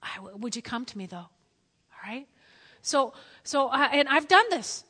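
A woman delivers an animated sermon in a church hall, her bright, fairly high voice carrying a long reverb. She tells stories with energy and acts out the lines of the people in them. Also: measured pace, slightly rough. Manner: animated storytelling, acting out quotes. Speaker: preacher. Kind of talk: lively sermon.

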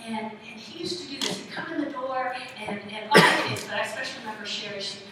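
A woman's voice: a little high, quick pace. A woman in her sixties preaching a sermon, telling stories and putting questions to the congregation. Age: 60s. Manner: conversational storytelling, questions to the congregation. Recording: echoey hall from far off, audible room noise.

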